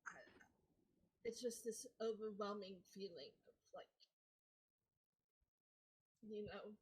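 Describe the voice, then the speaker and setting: A woman's voice: mid-range voice, fairly even intonation, a little mellow, breathy edge, low-quality recording. A woman doing a stammering young man with visions. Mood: shaken. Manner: halting, hesitant, stammering.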